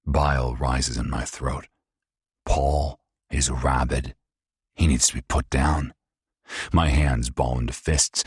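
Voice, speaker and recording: A middle-aged man narrating an audiobook in the first person, grim and measured. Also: a bass voice, husky, dry recording, clean studio sound.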